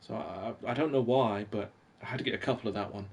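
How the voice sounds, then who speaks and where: A man's voice: lowish voice, quick pace, vocal fry. A man in his forties chatting casually on a live stream from home, reading old magazines aloud and talking to viewers. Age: 40s.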